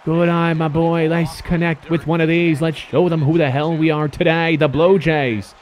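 A young man giving excitable, swearing commentary while he plays a baseball video game. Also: a little high, normal speed, a little hiss or hum. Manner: excitable, swears and yells at the players. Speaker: gaming YouTuber.

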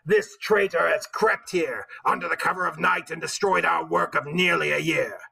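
A man's voice: on the high side, moderate pace, gravelly, bright, forceful tone, slightly rough, exaggerated voice, rough recording. A man voicing a domineering male pig leader who gives commanding, roaring speeches.

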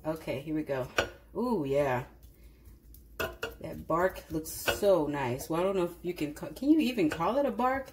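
Woman, casual cooking vlog, lowish pitch, chatty and self-correcting, faint kitchen noise. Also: lively intonation, unhurried, a little mellow. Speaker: cooking vlogger.

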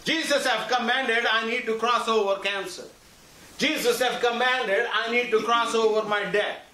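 Male pastor, very high bright voice, call-and-response sermon, repetitive emphatic phrasing, echoey church recorded from afar. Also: steady tone, moderate pace. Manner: call-and-response preaching, asks congregation for agreement. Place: church sanctuary. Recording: echoey church hall, mic far off, faint hiss.

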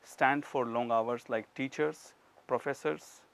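A middle-aged man with an Indian accent, teaching a yoga class and calmly cueing each breath and movement step by step. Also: medium pitch, takes it slowly, creaky. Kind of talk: guided yoga class instruction.

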